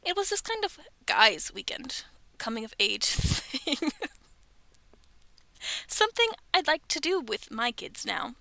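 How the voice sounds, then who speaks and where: Woman, thirties, high voice, dry close sound, chatty story reader, whispered asides. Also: big pitch swings, unhurried, gravelly, pauses often, pushed and bright, dry recording. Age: 30s. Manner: chatty, self-aware, often laughs and whispers asides. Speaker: streamer reading online stories. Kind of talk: casual reading with asides. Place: bedroom at home.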